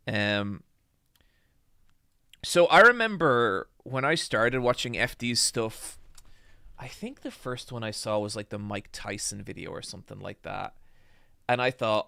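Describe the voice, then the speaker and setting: A man's voice: on the low side, pushed and bright, smooth, no echo, clean studio sound. A young Irish man with a slightly American-tinged accent, chatting casually on a live stream, rambling with ums and restarts. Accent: Irish with American influence. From Ireland. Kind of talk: casual live-stream chat reading comments.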